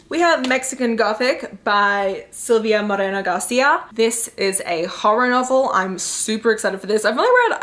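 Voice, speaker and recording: A woman talking casually to camera as a book vlogger, chatty and excitable, filling her talk with fillers. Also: mid-range voice. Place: home in New York.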